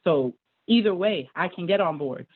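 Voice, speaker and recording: A woman's voice: on the low side, animated, normal speed, husky. A woman speaking as a parent at a school board meeting, hesitant, with many fillers. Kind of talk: public comment on a call. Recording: tinny phone-like call audio.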